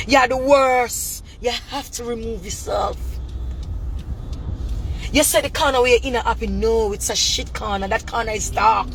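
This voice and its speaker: A Jamaican woman and mother ranting in a callout video, confrontational and repetitive in thick patois, breaking into shouts. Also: a little high, a little hiss or hum. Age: adult mother. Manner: bursts into shouting.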